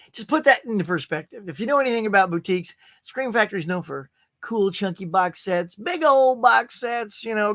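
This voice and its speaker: A man's voice: high voice, pushed and bright. Upbeat man hosting a live stream. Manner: upbeat, chatty, reads out viewer comments. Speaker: host. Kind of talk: casual live-stream chat.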